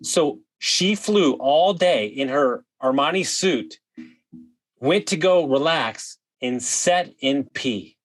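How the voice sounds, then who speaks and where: A man telling a wild story as a podcast guest, animated, swearing freely and full of "like" fillers. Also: a little high, takes it slowly. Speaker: guest, vacation rental host. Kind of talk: casual storytelling.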